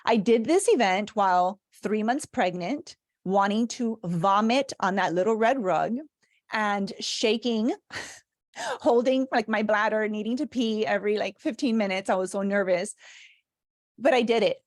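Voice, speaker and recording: A woman in her thirties, from Cuba, telling a personal story in a lively talk and acting out bits of the dialogue. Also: medium pitch, measured pace, no echo, studio quality. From Cuban. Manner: animated storyteller, laughs often, acts out dialogue. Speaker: speaker and leadership consultant.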